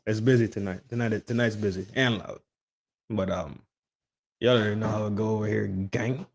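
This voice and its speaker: A man's voice: on the low side, steady tone, moderate pace. A young man hosting a podcast, casually reacting to videos with slang and frequent laughter. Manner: laid-back, laughs often, slang-heavy.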